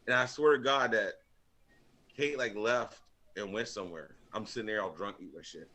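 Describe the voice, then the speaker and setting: A man telling stories in casual chat, acting out other people and swearing freely. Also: moderate pace. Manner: animated storyteller, acts out others in high squeaky voices, swears freely. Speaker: podcast panelist.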